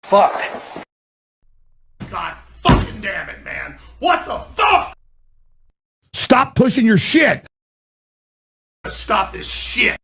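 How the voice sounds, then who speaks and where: An actor voicing a raging, unhinged game character who rants and swings from muttering to shouting. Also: mid-range voice, big pitch swings, drawn-out words, creaky, long pauses, a little hiss or hum, full character voice.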